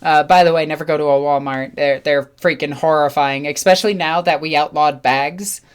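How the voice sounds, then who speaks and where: A young woman chats casually as she tells a story to her viewers. Her voice sits a little low, and she gets animated as she acts out the lines of the people she met. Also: moderate pace, clean tone. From New York. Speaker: channel host.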